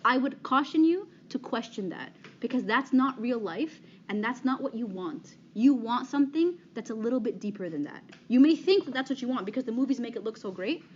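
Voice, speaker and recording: A woman in her thirties gives a talk on dating to an audience, her voice on the high side, animated and a little fast with few pauses. She's direct and conversational, asking "okay?" after nearly every point. The recording sounds slightly dull, with faint background noise.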